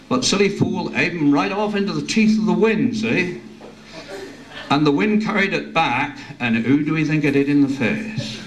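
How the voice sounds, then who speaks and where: A man telling a comic folk tale to an audience, building briskly to the punchline. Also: a little high. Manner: lively, punchline-driven telling. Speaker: storyteller. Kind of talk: live storytelling. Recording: echoey room, voice from far off, archive footage.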